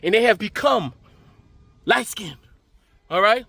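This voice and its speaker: A male commentary host rants in an emphatic, profane, preachy way, his voice pitched high and bright. The sound is dry and close, with no room around it. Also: lively intonation, slow pace, vocal fry, no room sound. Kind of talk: ranting reaction commentary.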